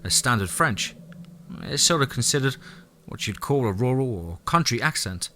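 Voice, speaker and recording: A man voicing a kindly middle-aged mother in an audiobook, speaking gently and at a measured pace. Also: medium pitch, lively intonation. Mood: gentle.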